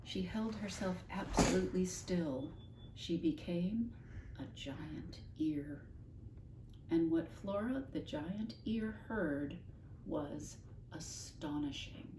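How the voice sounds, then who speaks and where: A woman teacher reading a children's novel aloud to her class, expressive and stopping to explain words. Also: on the low side, slow, noisy background. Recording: echoey room, mic at a distance, faint ambience.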